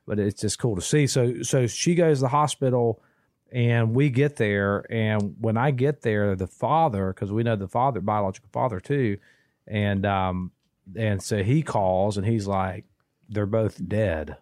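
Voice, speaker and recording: A man, telling a long story in casual podcast chat, rambling and restarting, animated when he quotes people. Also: fairly low pitch, measured pace, dry recording, studio quality. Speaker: podcast co-host.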